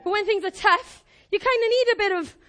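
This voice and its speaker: Very high-voiced, energetic woman preaching. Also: a little fast. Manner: energetic, animated, jokey. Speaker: church speaker. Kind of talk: informal sermon with live demonstration.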